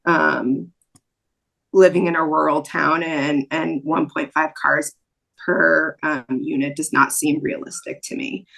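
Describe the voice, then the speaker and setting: A woman giving hesitant public comment at a town board hearing, pausing often with ums. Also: low-pitched, gravelly, a bit bright.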